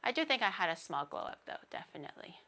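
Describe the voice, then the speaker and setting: A woman's voice: mid-range voice, sing-song, fast talker, creaky, sharp tone. A young woman streaming, chatting casually with her viewers, laughing often, her voice slightly naggy and whiny. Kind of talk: casual livestream chat with chat readers.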